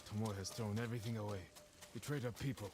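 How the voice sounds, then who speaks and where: An actor playing a composed young samurai in video game dialogue, calm and earnest. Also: male voice, lowish voice, fast, noisy background, natural voice.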